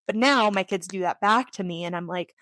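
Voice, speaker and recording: A woman in her thirties chats openly and earnestly to her camera, now and then wandering off on a tangent and poking fun at herself. Her voice sits at an ordinary middle pitch, and the recording is close and dry, with no room sound around it. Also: brisk, fairly bright tone, dry recording. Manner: earnest and openly personal, wanders into tangents with light self-deprecating humor. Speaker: athlete sharing reflections on her channel. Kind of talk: casual reflective talk to camera.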